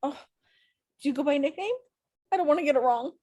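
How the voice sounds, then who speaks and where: A woman leads an online class through a computer mic, chatty and upbeat with her students. Her voice sits a little high and sounds tired after a full day of teaching. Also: quick pace, dark tone, lo-fi sound.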